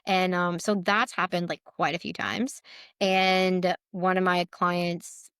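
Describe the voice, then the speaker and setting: In a casual interview, a woman guest who practices with a letter board speaks earnestly and emotionally, leaning heavily on "like." Her lowish voice is clear and resonant with a fairly bright tone, and she keeps a steady, slow pace. The recording is dry, with clean studio sound.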